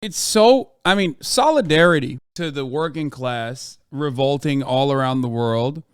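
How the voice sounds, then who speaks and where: A man's voice: medium pitch, animated, measured pace, clean tone, no room sound, studio quality. An American man streaming a reaction to the news, ranting in an exasperated, profane way. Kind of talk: livestream reaction commentary.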